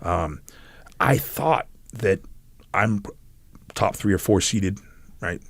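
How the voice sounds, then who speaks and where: A middle-aged man, a podcast guest, telling a long story in a halting, animated way, stopping and restarting and acting out what others said. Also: lowish voice, gravelly, no room sound. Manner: halting, animated storyteller who acts out quotes. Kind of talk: casual storytelling interview.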